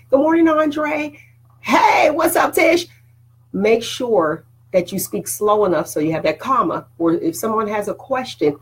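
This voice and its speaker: A woman's voice: on the low side, breathy edge, low-quality recording. A woman hosting a casual motivational talk to her viewers, preachy and conversational, often checking in with "all right?". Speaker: host.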